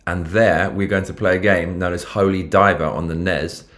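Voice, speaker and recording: Deep-voiced and steady, with a slightly bright tone at normal speed, this London-accented man runs a casual livestream. He talks over the news and reads viewer comments in a rambling, slangy, profane way.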